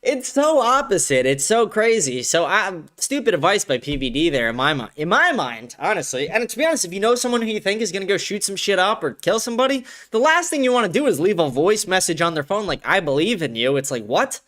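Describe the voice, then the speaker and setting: A man's voice: high voice, big pitch swings, brisk, hardly any pauses, a bit bright. A young man hosting a live stream, reacting to clips and reading chat aloud with crude, sarcastic commentary and frequent laughter.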